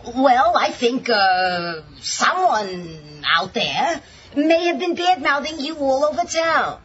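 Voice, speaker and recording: A businesslike, unhurried agent. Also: female voice, sits high, big pitch swings, a bit bright, exaggerated voice. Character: brisk female talent agent, businesslike. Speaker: sitcom character. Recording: muffled TV clip.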